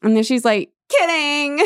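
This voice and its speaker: A woman co-hosting a casual chat, animated and sarcastic, often laughing and reading passages aloud. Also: fairly low pitch, moderate pace, dry recording, clean studio sound. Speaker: podcast co-host.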